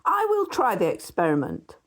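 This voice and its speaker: A woman's voice: mid-range voice, huge pitch swings, normal speed. A woman voicing a proud, sceptical young male Victorian barrister in an audiobook. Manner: astonished, then reckless.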